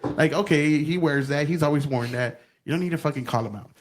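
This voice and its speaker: A man's voice: a little high, fairly quick, noisy background. A man hosting a casual political podcast, rambling and swearing freely as he tells stories. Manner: profane, rambling, animated storytelling. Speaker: podcast host.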